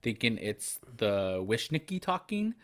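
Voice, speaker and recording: A man's voice: mid-range voice, big pitch swings, unhurried, fairly bright tone. A man co-hosting a podcast in casual chat, reacting enthusiastically with lots of "like" and "wow". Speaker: podcast co-host.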